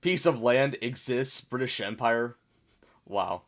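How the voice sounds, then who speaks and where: Young american dude reacting to memes, mid pitch, chatty, kinda puzzled, reads captions out loud. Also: male voice, takes it slowly. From United States. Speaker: YouTube reaction host. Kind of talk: casual reaction commentary.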